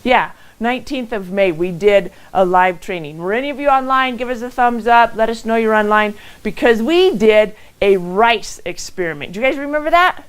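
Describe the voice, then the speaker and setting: A middle-aged woman giving a motivational talk from her own home and telling stories with lively acted quotes. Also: a little high, moderate pace, hardly any pauses, clear, resonant tone, rough recording. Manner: animated storytelling with acted quotes. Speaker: motivational speaker hosting a live event. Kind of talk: live-streamed motivational talk.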